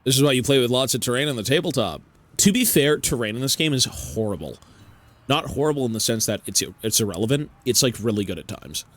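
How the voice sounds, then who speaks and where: A man streaming, giving relaxed, offhand commentary on a game with casual fillers. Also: medium pitch, fast talker.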